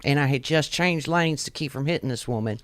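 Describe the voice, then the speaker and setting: A woman's voice: extremely low pitch, brisk, no room sound. A woman truck driver, telling stories in a blunt, salty way with plenty of swearing, as a podcast guest. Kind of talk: casual storytelling chat.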